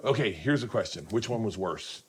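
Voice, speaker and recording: A middle-aged man hosting a casual chat, telling stories and acting out quotes in a high excited voice. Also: fairly quick, slightly rough. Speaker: host. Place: home kitchen.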